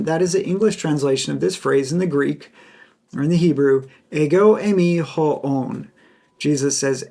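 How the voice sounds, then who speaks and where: A man hosting a Bible teaching podcast who explains a passage in a lecture style. He is emphatic, repeats key phrases and acts out quoted lines. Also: vocal fry. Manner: acts out quoted speech with bright pitch jumps.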